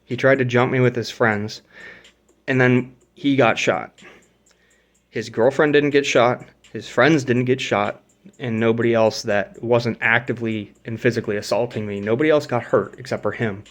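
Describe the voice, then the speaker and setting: A young male vlogger casually tells a story, swearing freely, acting out the dialogue, and pointing out the spots where things happened. He speaks at normal speed in a mid-range voice with fairly even intonation.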